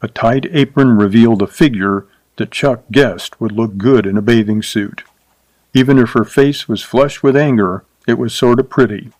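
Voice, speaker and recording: A man's voice: medium pitch, normal speed, a little mellow, no room sound, rough recording. Dry, close male audiobook narrator. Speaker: narrator reading a short story.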